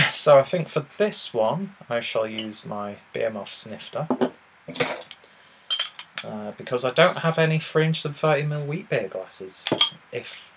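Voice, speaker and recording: A man's voice: mid-range voice, expressive, a little slow, very noisy. A man reviewing beers in a casual video, rambling and self-deprecating as he sits at a table indoors. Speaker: beer reviewer. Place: indoors, seated in a low chair at a table.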